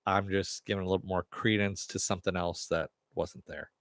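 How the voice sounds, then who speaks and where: Low-voiced guy doing a rambly live tv review, swears a bit, reads chat, dry sound. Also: level tone, brisk, dry recording. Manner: rambling, off-the-cuff, swears, answers chat comments. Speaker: TV review host.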